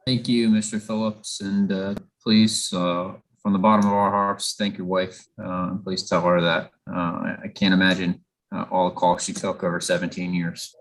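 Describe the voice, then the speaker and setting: A man's voice: low voice, flat delivery, normal speed, rough recording. A man chairing a legislative committee hearing, thanking witnesses courteously.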